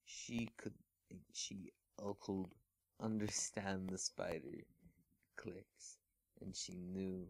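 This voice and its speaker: A man reads fan fiction aloud in a casual, amused way, chuckling and stumbling over his words. His voice is low and his pace very slow. The sound is dry and close, as from a mic at home. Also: fairly even intonation, vocal fry, no room sound.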